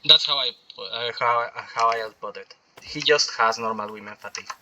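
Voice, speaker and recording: A man's voice: medium pitch, normal speed, background noise. A man giving rambling, opinionated commentary while he plays a video game, often restarting his sentences. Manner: opinionated, meandering monologue with restarts. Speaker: gaming streamer.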